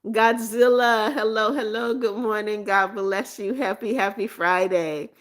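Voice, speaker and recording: A woman's voice: mid-range voice, fairly even intonation, measured pace. A woman hosting a live stream, reading viewers' comments aloud, laughing often and greeting people with blessings. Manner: repeats phrases, scolds gently. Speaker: livestream host reading chat. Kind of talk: casual live chat.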